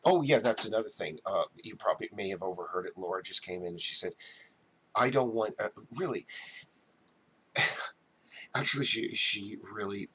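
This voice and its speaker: A man's voice: deep voice, lively intonation, moderate pace, pushed and bright, slight background noise. A man from New Jersey hosting a casual live chat, rambling and stammering as he answers viewers. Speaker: livestream host.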